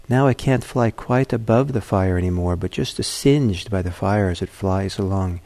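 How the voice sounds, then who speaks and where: A man, a meditation teacher, giving a dharma talk and telling a fable in a gentle, halting way. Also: on the low side.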